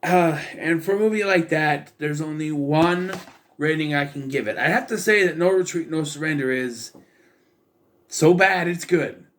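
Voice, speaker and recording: Young male film reviewer, a bit high-pitched, casual, incredulous and wry. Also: normal speed, fairly bright tone. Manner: sarcastic, incredulous, rambling with restarts. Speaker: movie reviewer.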